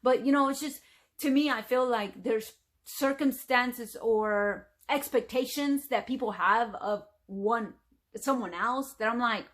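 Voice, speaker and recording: A woman's voice: a little high, unhurried, fairly bright tone. A middle-aged woman from the United States talking casually to camera as a vlogger, rambling with lots of fillers. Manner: chatty, rambling, frequent fillers.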